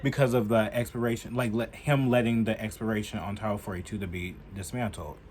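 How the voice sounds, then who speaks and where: A young man giving heated, profane political commentary in a casual vlog, filling his talk with "like" and getting loud as he goes. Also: a little fast, slight background noise. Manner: heated and profane, heavy use of "like"; animated, jumping in pitch and loudness.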